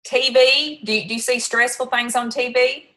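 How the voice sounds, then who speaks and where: A woman's voice: a little high, steady tone, moderate pace, sharp tone, poor audio. A woman hosting a casual group discussion, asking long questions with restarts and fillers. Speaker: discussion host.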